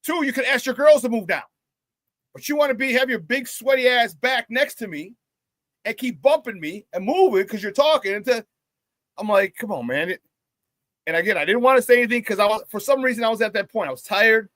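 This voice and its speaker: On his live sports talk show, this man from the Chicago area launches into a casual, animated rant to tell a story. He speaks in a fairly high register for a man and shifts his voice fast when quoting people, all captured close and dry without any echo.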